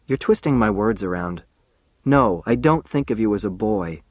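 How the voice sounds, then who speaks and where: A man voicing a gentle, cautious young woman teacher in an audiobook, speaking softly and patiently. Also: on the low side, expressive, normal speed, no echo, studio quality. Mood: gently cautious. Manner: soft, pleading, patient.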